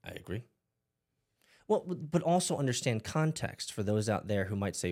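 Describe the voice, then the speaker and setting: A man's voice: on the low side, sing-song, normal speed, a little mellow. A man hosting a casual podcast conversation, talking with animation, swearing casually and acting out voices he quotes.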